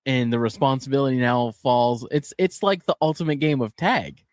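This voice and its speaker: A man co-hosting a podcast, joking in quick, reactive casual banter. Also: medium pitch, darkish tone, dry recording, studio quality. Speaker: podcast co-host. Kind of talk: casual chat.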